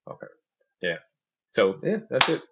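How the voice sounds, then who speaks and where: A man's voice: fairly low pitch, huge pitch swings, normal speed, a bit bright, slightly rough, lo-fi sound. A man hosting a podcast in casual chat, telling stories animatedly and mimicking other people's voices in quotes. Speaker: podcast host.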